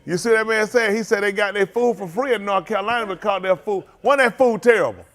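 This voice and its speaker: High-voiced man greeting livestream viewers. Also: quick pace, fairly bright tone. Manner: joking, teasing, calls out names. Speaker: congregation leader greeting viewers.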